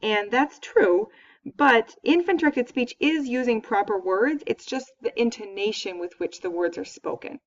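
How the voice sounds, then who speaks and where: Higher-pitched woman lecturing, from a distance. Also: unhurried. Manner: explanatory, conversational, with fillers. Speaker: professor. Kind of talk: recorded lecture. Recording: dull, distant lecture recording.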